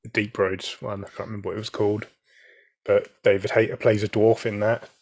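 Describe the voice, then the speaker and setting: A man co-hosting a podcast, chatting in a relaxed, matter-of-fact way. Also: fairly low pitch, fairly quick. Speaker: podcast co-host. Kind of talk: casual chat.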